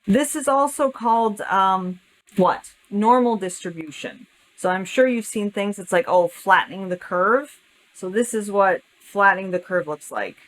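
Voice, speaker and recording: A woman's mid-range voice carries a calculus lesson at a measured pace, captured in a rough recording. She's a math teacher going step by step, thinking out loud and catching her own errors while drawing a graph.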